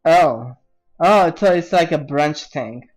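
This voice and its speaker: A fairly high-voiced man streaming and shooting the breeze with his friends, unhurried and drawn out, teasing them with a laugh never far off. soft music plays underneath. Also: expressive. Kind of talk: casual gaming chat.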